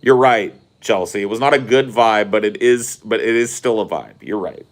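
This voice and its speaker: A man's voice: lowish voice, moderate pace. Profane rambling man telling a story. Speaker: podcast host. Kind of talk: casual storytelling chat.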